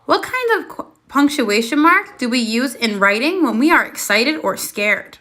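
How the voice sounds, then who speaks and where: Woman, first grade teacher on video, high bright voice, patient question-and-answer delivery. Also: sing-song, normal speed. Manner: patient, asks questions then confirms answers.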